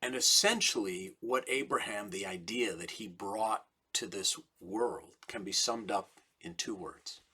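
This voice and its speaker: A middle-aged man, a rabbi, giving a slow, deliberate sermon with emphatic repetition. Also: lowish voice, sharp tone, slightly rough. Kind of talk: recorded sermon message.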